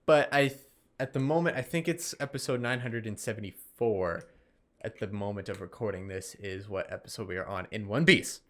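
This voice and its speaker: A man's voice: fairly low pitch, fairly quick. A young man talks through a casual solo podcast review in a loose, meandering way, often stopping to correct himself. He sounds tired and keeps yawning between points. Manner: rambling, self-correcting, easily distracted, yawning. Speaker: podcast host reviewing anime.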